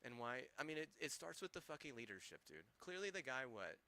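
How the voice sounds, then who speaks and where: A man's voice: mid-range voice, sing-song, a little fast, bright, forceful tone. A young man streaming a game, ranting heatedly with constant swearing and rambling restarts. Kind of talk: ranting live-stream commentary.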